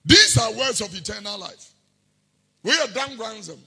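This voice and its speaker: A Ghanaian-accented man preaching a sermon, moving between quiet scripture reading and sudden sing-song shouts. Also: sits high, animated, moderate pace, gravelly, husky, long reverb tail.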